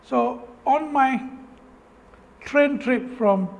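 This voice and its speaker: A man with a Malaysian English accent and a fairly high voice tells his life story to an audience. He speaks earnestly and with feeling, breaking off mid-phrase and circling back to repeat himself. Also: drawn-out words, vocal fry. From Malaysia, Penang. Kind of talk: personal story speech.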